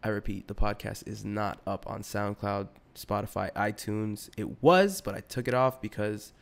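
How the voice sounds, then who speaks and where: A man's voice: fairly low pitch, moderate pace, creaky. A young adult man hosting a podcast solo, rambling in a slangy, profane, casual way. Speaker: podcast host.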